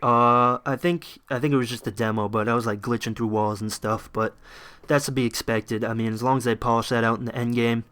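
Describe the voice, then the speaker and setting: A man's voice: mid-range voice, a bit bright. A young man giving casual, rambling commentary over his gameplay, enthusiastic and full of fillers, shivering a little from the cold.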